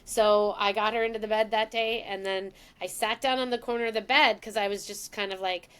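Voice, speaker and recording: A woman's voice: mid-range voice, fairly quick, smooth. A woman as a podcast guest, telling an emotional personal story and acting out the lines of the people in it. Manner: emotional, animated, acts out quoted lines.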